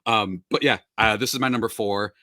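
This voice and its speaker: A man hosting a casual podcast, speaking in a lowish register that still comes across bright and forward. He is laid-back and joking, with plenty of ums, and the close mic gives a dry sound. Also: brisk, no echo. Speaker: podcast host.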